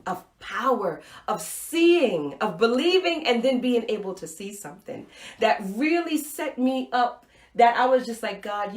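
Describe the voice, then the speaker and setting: A woman hosting a live-streamed inspirational talk, telling a personal story with animated acted-out reactions and dropping to a soft, intimate voice for key points. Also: medium pitch, roomy sound. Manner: animated storytelling, acts out her own reactions. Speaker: host. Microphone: Facebook Live stream, webcam or phone mic.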